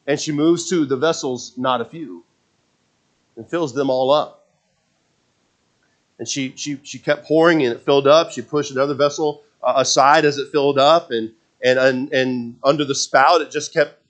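A man preaching a sermon. He tells the story with animation, acts out the characters' words, and repeats and restarts phrases when he gets excited. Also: mid-range voice.

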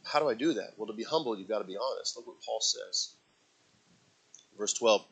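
A man preaching a sermon, telling stories with acted quotes and swinging from loud dramatic bursts to low, quiet asides. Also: brisk, creaky, long pauses, husky, poor audio. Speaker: pastor.

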